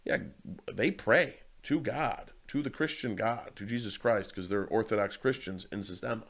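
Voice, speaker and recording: A man's voice: lowish voice, normal speed, fairly bright tone. A man talking in a casual interview as a martial arts coach. He tells stories earnestly and rambles, often restarting his sentences.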